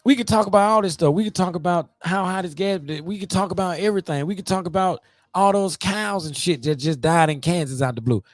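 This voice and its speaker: A man's voice: sits high, fairly quick, no echo. A man hosting his own podcast, rambling and swearing freely as he invites guests. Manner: rambling, profane and animated. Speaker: podcast host. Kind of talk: casual podcast monologue.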